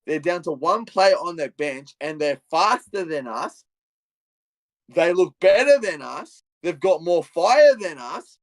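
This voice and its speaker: A young adult man with an Australian accent, a podcast co-host telling a long, animated story, swinging between muttering and loud outbursts. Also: fairly high pitch, slow. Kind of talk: casual podcast rant.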